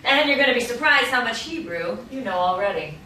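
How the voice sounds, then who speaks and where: Forties woman, calm teacher, bright edge to the voice; a woman plays it on a roomy, far-off video-call line with faint hiss. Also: on the high side, a little fast. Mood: instructive. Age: 40s. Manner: calm and instructive. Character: patient woman Hebrew teacher. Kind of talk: virtual play reading. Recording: echoey, distant video-call audio with faint noise.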